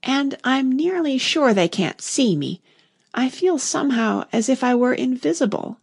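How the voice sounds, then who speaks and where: A woman's voice: sits high, lively intonation, unhurried, vocal fry, breathy edge, voice pushed up, full character voice. A woman voicing a curious, polite young girl in a storybook reading, eager and chatty. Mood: hushed wonder.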